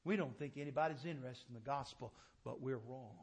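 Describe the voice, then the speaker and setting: A man preaching a sermon with fervor, swinging from loud to hushed. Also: medium pitch, brisk, breathy edge.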